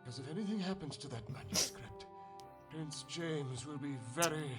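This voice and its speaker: A Scottish-accented aristocrat, as played by a man in a video game, guarded and condescending, his voice sitting a touch higher than most men's. Faint music plays underneath his clipped, formal lines. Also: normal speed, a bit bright, close to an everyday voice. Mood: haughty.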